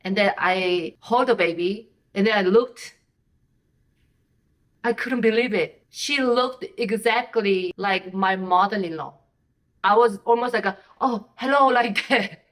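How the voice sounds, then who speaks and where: Woman, Korean accent, from North Korea, young adult, candid halting storytelling, roomy echo, set back from the mic. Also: medium pitch, recorded from a distance. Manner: candid, halting, laughs while telling. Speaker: vlogger. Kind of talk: personal storytelling.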